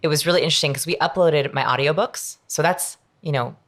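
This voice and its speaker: A middle-aged woman speaking in a notably low voice, sitting as a guest in a podcast interview. She talks with energy and stresses key words, building each point with examples. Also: quick pace. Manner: energetic, emphatic, explains with examples. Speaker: guest, behavioral researcher. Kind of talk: conversational interview.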